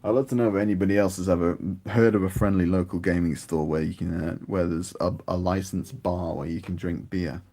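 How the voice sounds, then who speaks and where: A British man with a husky voice chats casually while painting miniatures, rambling and growing animated. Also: low voice, fairly quick, hardly any pauses, slight background noise. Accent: British English. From United Kingdom. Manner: rambling, chatty, grows animated.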